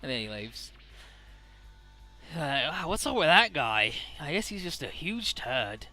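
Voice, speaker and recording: A man's voice: on the high side, very animated, unhurried, sharp tone, faint music behind. A man giving casual gameplay commentary, retelling story scenes with acted quotes and some swearing. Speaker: let's play commentator.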